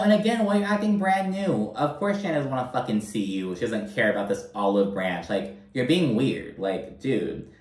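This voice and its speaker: A man recapping a reality TV episode in a blunt, animated, profane way. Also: medium pitch. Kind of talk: casual commentary. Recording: roomy echo, mic held at a distance.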